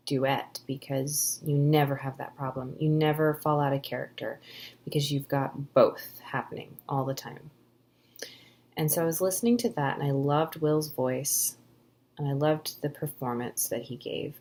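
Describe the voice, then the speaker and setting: Low, gravelly-voiced woman author. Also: a little mellow, a little hiss or hum. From Pacific Northwest US. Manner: enthusiastic, chatty, frequent ums. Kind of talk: casual Q&A answers.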